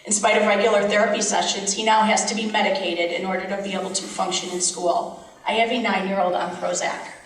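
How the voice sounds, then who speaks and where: A woman's voice: mid-range voice, steady tone, fairly quick. Mother reading testimony in echoey hall. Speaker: parent. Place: large hearing room. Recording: echoey room from far off.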